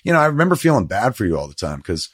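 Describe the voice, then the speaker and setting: A man's voice: on the low side, racing, slightly rough, dry recording, clean studio sound. A middle-aged man telling stories in casual chat as a podcast host, rambling and swearing, acting out what others said. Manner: profane, rambling storytelling with lively quoted voices.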